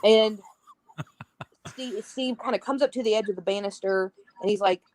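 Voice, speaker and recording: Animated woman acting out quotes. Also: mid-range voice, normal speed, no room sound, rough recording. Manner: animated, acts out quoted lines. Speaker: podcast guest. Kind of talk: casual film discussion.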